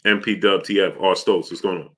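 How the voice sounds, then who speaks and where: A man's voice: low voice, fairly even intonation, fairly quick. A man hosting a casual live stream, greeting viewers by name, reading their comments and asking for likes.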